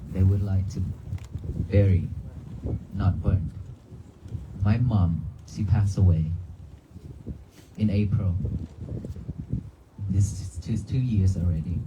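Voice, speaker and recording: A monk giving a calm, repetitive dharma talk outdoors at a cemetery, often asking the crowd questions. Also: male voice, low-pitched. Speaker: Buddhist monk. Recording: noisy outdoor livestream.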